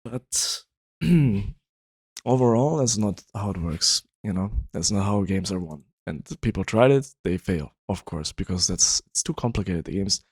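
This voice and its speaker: A man with a fairly low voice talks casually to the camera, rambling and leaning on fillers. His voice sounds worn and tired, and the recording is close and dry with no room echo. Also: a little mellow. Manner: rambling, frequent "you know" fillers. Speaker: video host. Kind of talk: casual explanatory talk.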